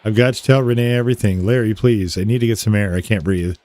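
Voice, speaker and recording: A man voicing a frightened, confused young man, reading the game dialogue aloud in a flat, low-key way. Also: quick pace, no echo, natural voice. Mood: panicked.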